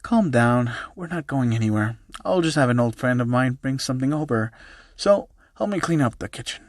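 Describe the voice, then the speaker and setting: A man's voice: mid-range voice, animated, moderate pace, dry recording, clean studio sound, lightly acted. A man voicing a stern, bossy older grandmother who scolds bluntly, in a fan-made story reading. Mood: brisk.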